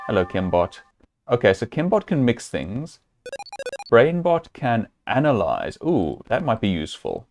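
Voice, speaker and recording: A man with a lowish, darkish voice streams a point-and-click adventure, chatting easily and talking himself through the puzzles with amused chuckles in a casual let's-play.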